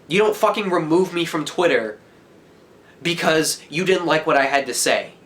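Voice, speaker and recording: A teenage boy in a heated, profane rant, yelling at the camera as a vlogger. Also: fairly high pitch. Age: teens.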